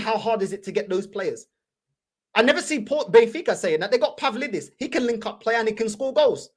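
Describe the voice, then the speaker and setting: A woman hosting a fan channel, ranting heatedly in slangy, repetitive reaction commentary. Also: fairly high pitch.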